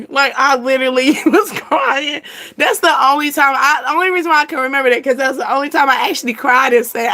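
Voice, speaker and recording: A woman chatting casually as a channel host, animated and slangy, laughing often. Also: sits high, normal speed. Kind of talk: casual chat.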